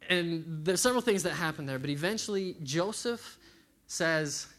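A man's voice: on the high side, lively intonation, moderate pace, fairly bright tone. A man giving a casual, conversational sermon to a young group, acting out quotes as he tells a story.

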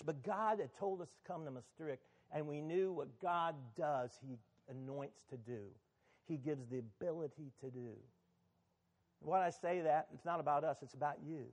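A man's voice: fairly high pitch, moderate pace, a little mellow. A man, the pastor of a church, preaching a sermon in a conversational, sometimes emphatic way.

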